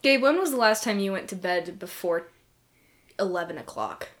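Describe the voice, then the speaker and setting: A woman's voice: mid-range voice, animated, moderate pace. A woman in her twenties co-hosting a podcast, chatting playfully and breaking into giggles. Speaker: podcast co-host. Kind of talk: casual podcast banter.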